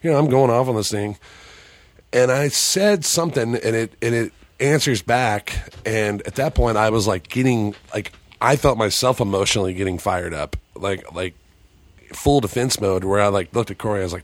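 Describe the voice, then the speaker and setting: A man, a paranormal investigator, telling a story as a podcast guest in a loose, profane, animated way, acting out what people said. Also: lowish voice, normal speed, dry recording. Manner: profane, animated, acts out quoted dialogue.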